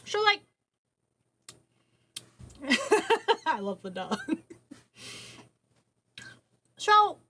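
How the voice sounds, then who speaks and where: A woman streaming a casual late-night chat from her home setup into a boom arm mic, rambling and swearing casually. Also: sing-song, drawn-out words, long pauses, pushed and bright. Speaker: livestreamer.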